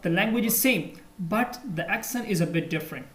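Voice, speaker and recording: A man's voice: sits high, expressive, fairly quick, a bit bright, reverberant, rough recording. A man from Pakistan with a Pakistani accent, teaching English in a casual online lesson, full of fillers and switching into Urdu. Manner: explains with many fillers, mixes in Urdu. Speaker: English tutor.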